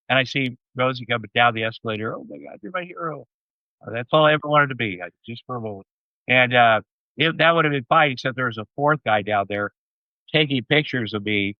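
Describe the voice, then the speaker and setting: A man in his sixties, appearing as an interview guest, tells rambling anecdotes loaded with fillers in a mid-range voice. The audio is dull and slightly muffled, with no echo.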